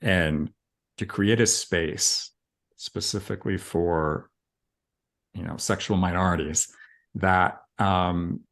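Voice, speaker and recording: Earnest lower-voiced man, podcast guest. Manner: earnest, halting, with many fillers. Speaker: podcast guest, recovery coach. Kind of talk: casual podcast conversation.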